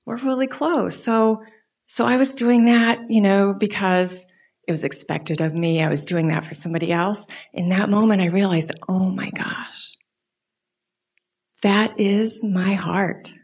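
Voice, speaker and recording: Animated woman telling a personal story. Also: mid-range voice, normal speed. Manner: animated storytelling, dips into soft whispers. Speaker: guest speaker. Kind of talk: personal story in a church message.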